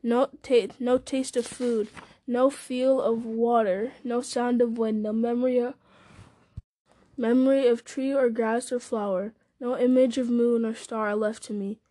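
A woman's voice: on the high side, steady tone, measured pace, mellow, dry recording, natural voice. Woman reading as Frodo, weary and burdened. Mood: sad. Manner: sorrowful, strained. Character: weary burdened male hobbit.

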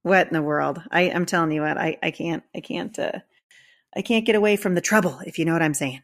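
A woman hosts a podcast in casual conversation, warm and encouraging. Her voice sits a little low for a woman. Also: brisk. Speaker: podcast host. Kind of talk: casual chat.

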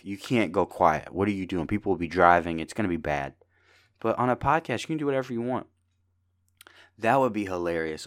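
A man's voice: low-pitched, a bit bright. A young man hosting a podcast alone, telling rambling jokey stories in a tired, casual way. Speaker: podcast host. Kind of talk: casual solo podcast chat.

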